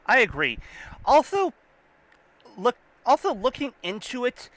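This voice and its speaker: A man's voice: extremely high pitch, wildly swooping pitch, measured pace, fairly bright tone, no room sound. A man co-hosting a casual group riff chat, thinking aloud and hedging with restarts. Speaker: co-host riffing on a show.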